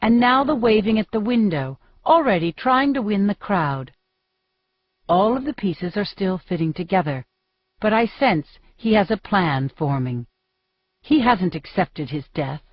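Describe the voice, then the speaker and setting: A woman narrating an audiobook in first person, with measured, steady storytelling. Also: medium pitch, dry recording. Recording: dry, dull muffled recording.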